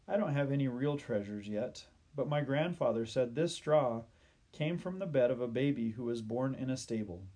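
An earnest, honest young boy in a children's storybook, as a male narrator puts him on. He speaks eagerly and sincerely, with a slightly husky, breathy edge. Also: medium pitch, lively intonation, normal speed, dark tone, lightly acted.

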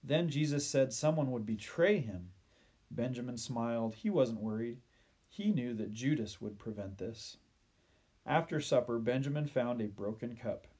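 Guy reading a kids bible story, gentle, slows down for the sad parts. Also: mid-range voice, slightly rough.

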